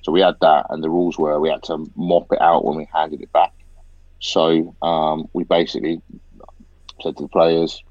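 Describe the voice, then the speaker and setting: Low-voiced swearing man. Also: flat delivery, moderate pace, no room sound, dull audio. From Britain. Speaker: podcast host, ex-soldier event organiser. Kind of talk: casual chat, anecdote.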